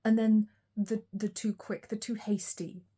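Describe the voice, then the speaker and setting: A woman giving a collective tarot reading, talking in a reflective, unhurried way with frequent ums and pauses. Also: medium pitch, flat delivery, dark tone, husky. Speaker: tarot reader.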